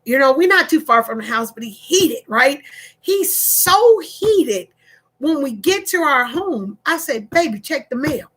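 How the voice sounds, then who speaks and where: Animated woman telling a story on livestream. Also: high-pitched, unhurried. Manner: animated, repeating phrases, checking in with viewers. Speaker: online storyteller.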